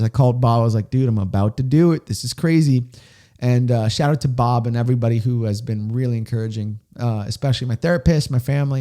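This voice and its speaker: A young man hosting a podcast, telling a personal story in a casual, excitable way, with "dude" and "like" all through it. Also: mid-range voice. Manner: excited, chatty, says "dude" and "like" often. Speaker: podcast host.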